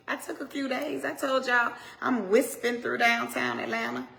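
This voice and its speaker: Gravelly, bright-voiced woman preacher urging. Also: on the high side, fairly even intonation, moderate pace, few pauses. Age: 40s. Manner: emphatic and repetitive, swinging between loud urging and soft asides. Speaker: minister. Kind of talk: motivational preaching to viewers.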